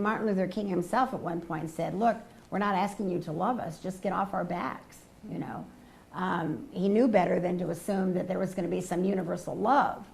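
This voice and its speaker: An older woman answering audience questions at a public lecture, measured and thoughtful, often affirming with quiet yeahs. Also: on the low side, creaky, a little hiss or hum. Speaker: guest lecturer.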